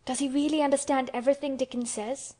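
Woman reading a sickly excitable boy; lift the voice, keep it eager and fretful. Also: fast, close to an everyday voice. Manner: eager and high-strung. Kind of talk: storybook character voice.

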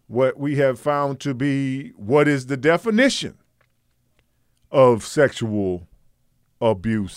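A man hosting a talk radio show who speaks slowly in a smooth, clear voice. He stops and restarts while he searches for words, and the sound is dry and close. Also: mid-range voice, no room sound. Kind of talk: casual sports talk radio.

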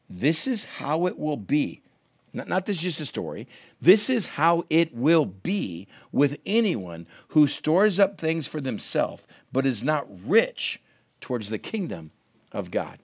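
A man's voice: fairly high pitch, sing-song, unhurried, husky, no room sound, studio quality. A man in his thirties preaching a sermon, telling a story and acting out the people in it with big jumps in his voice. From United States. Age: 30s. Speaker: pastor.

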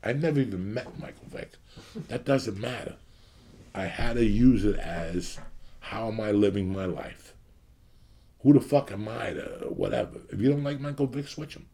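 A man's voice: lowish voice, animated, moderate pace, creaky, warm tone, husky. A man in his fifties from the New York area, hosting his show with a blunt, profane rant to his audience. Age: 50s. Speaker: podcast host.

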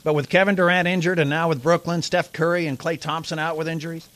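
A man's voice: a little high, little pitch movement, fast, fairly bright tone. Wry male radio host. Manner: wry, mock-serious newsreading. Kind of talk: comic sports report.

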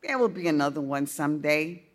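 A woman doing a weary, gentle father. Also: deep voice, expressive, fairly quick. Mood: apologetic.

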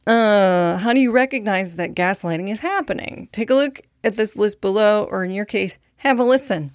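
A woman's voice: medium pitch, normal speed, dry recording, clean studio sound. A young woman hosting a podcast in a casual monologue, candid and profane, with a self-deprecating streak. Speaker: podcast host.

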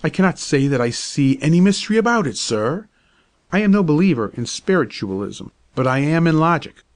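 A man's voice: a little high, very animated, brisk. A stiff, pompous doctor who is sure he has been wronged, as a storybook narrator puts him on. He lectures in a clipped, indignant way. His voice sits a touch above the reader's own. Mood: insistent. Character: pompous irritable male doctor, middle-aged.

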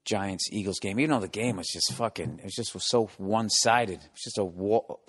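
Recording his podcast at home over construction noise from below, a middle-aged man delivers a profane, sarcastic rant with mocking impressions. His voice sits on the low side, a bit fast, with a breathy edge.

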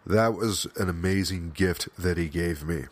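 A man with a very low voice talks through a personal podcast monologue. He speaks earnestly and with plain emotion, often stopping and starting again mid-thought. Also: a little slow. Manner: frequent restarts and fillers, swears at times. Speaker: podcast host.

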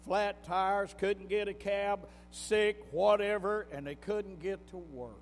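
A man's voice: high voice, slow pace, slight background noise. A man preaching a sermon in a folksy storytelling manner, breaking into emphatic bursts. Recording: long hall reverb with faint music.

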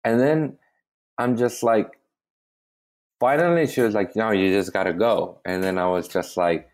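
Comedian guest with a deep low voice, animated, swears freely while telling a story. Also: male voice, measured pace. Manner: animated, profane, keeps restarting. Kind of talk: casual storytelling chat.

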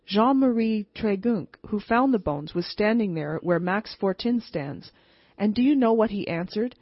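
Lady reading as a shrill cranky old village mayor, grumbly, a bit husky, dull old audiobook sound. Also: animated, measured pace, no room sound. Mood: indignant. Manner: shrill, complaining. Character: irritable older male Breton village mayor.

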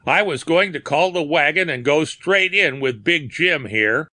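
Narrator doing cocky young beat cop, sneering, raised pitch, bright. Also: male voice, animated, measured pace, no echo. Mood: brash. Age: young adult. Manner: brash, sneering slang.

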